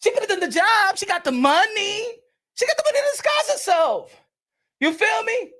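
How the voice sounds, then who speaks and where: A man hosting a small boxing channel, ranting comically, laughing and repeating lines with shouted bursts. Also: very high voice, sing-song, moderate pace. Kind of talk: comedic rant commentary.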